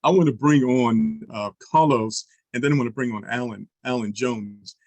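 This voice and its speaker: A man's voice: medium pitch, moderate pace, a little mellow, dry recording. A man hosting an online business call, upbeat, affirming speakers and bringing on guests. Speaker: host of a business presentation call.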